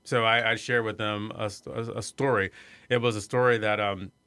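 A middle-aged man from Iowa telling a personal story in an interview, soft-spoken and hesitant, with many fillers and restarts. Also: on the low side, steady tone, moderate pace, clear, resonant tone, no echo. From Iowa, USA. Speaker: arts center executive director.

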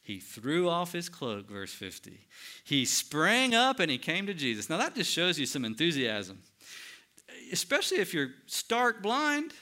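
A man preaching a sermon, swinging between loud emphatic lines and hushed, quiet ones. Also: on the high side, wildly swooping pitch, measured pace. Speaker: pastor.

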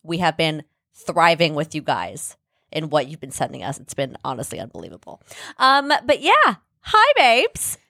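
A woman's voice: sits low, huge pitch swings, moderate pace, gravelly, sharp tone, no echo, clean studio sound. A woman co-hosting a podcast in casual chat, bubbly and giggly, who swears freely. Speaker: podcast co-host.

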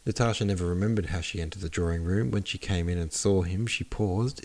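Deep-voiced male audiobook narrator. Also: brisk, a little mellow. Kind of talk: scripted narration of a classic novel.

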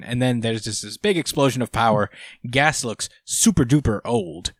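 A man's voice: mid-range voice, animated, normal speed, gravelly, no echo. A man casually recapping a comic chapter with a friend, swearing and laughing often. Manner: laid-back, swears, laughs often, acts out quotes. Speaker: podcast co-host.

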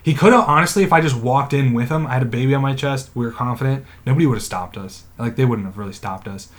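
A man in his thirties co-hosts a casual podcast and tells a rambling, profane story. He is animated and laughs often, and his voice sits at an ordinary mid pitch. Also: quick pace. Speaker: podcast co-host.

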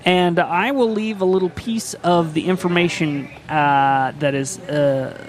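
A man's voice: on the high side, measured pace. A man hosting a casual comedy podcast, teasing his guest in a playful way. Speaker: podcast host.

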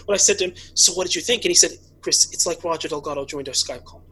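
A man producing a fan audio drama, telling the story with excited, halting restarts in a casual interview. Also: on the high side, husky, poor audio.

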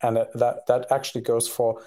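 A man's voice: medium pitch, level tone, moderate pace, mellow. A man co-hosting a podcast in casual conversation, talking hesitantly with many fillers and restarts. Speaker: podcast co-host.

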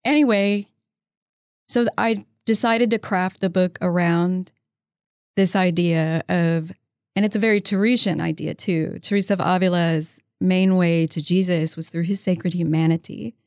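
A woman's voice: lowish voice, fairly even intonation, normal speed, no room sound, clean studio sound. A woman guest, an author, talking casually. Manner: warm, storytelling, enthusiastic about her faith. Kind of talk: casual interview conversation.

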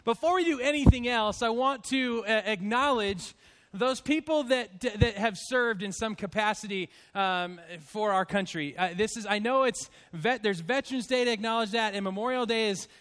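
A man in his fifties, a pastor addressing his church congregation in a heartfelt, halting way, choked up with emotion. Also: high-pitched, a bit bright.

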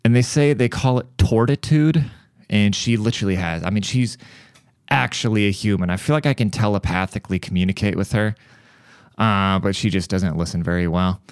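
A man's voice: fairly low pitch, a little fast, clear, resonant tone, no echo, clean studio sound. A man hosting a podcast, telling crude, profane stories casually and laughing often. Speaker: podcast host. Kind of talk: casual comedic storytelling.

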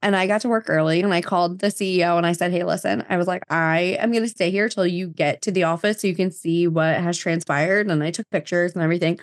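A New Jersey woman in her thirties, appearing as a podcast guest, tells her story in relaxed chat packed with fillers and quoted dialogue. Her voice is lowish and steady, and she talks fast with few pauses, recorded cleanly in a studio without echo.

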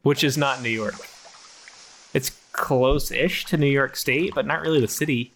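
A man's voice: medium pitch, fairly even intonation, moderate pace, vocal fry, fairly bright tone, slight background noise. A man voicing a petty male chipmunk who nags and needles his partner in improv comedy. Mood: nagging. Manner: nagging, needling, argumentative. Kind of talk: improv comedy role-play.

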